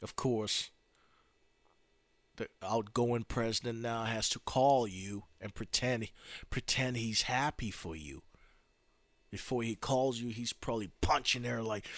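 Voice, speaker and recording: A man doing stand-up storytelling, profane, with a drawn-out delivery. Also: mid-range voice, fairly bright tone, dry recording. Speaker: comedian.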